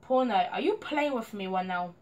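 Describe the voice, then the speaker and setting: A woman's voice: mid-range voice, lively intonation, moderate pace, a little mellow. A young woman commenting on her gameplay, frustrated and complaining at a teammate. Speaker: gamer.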